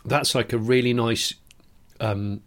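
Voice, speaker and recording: A man in an easygoing podcast chat, spinning silly ideas and breaking into laughter. His voice sits at an ordinary middle pitch for a man. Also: steady tone, slow, fairly bright tone. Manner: playful, riffing, laughs often. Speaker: podcast co-host. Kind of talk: casual comedic chat.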